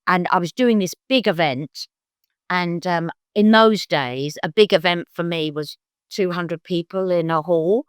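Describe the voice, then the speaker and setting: A woman's voice: unhurried, smooth, dry recording, studio quality. An older woman with a London accent, a psychic guest telling stories in a casual chat, acting out other people's voices as she goes. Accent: London English. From London, England. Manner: animated, acts out quoted voices in bursts of high pitch. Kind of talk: conversational storytelling.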